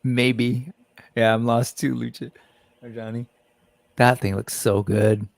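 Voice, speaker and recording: Gravelly-voiced man hosting a live stream. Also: mid-range voice, flat delivery, slow pace, no echo. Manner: reads and greets chat viewers by name. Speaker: livestream host. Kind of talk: casual livestream chat.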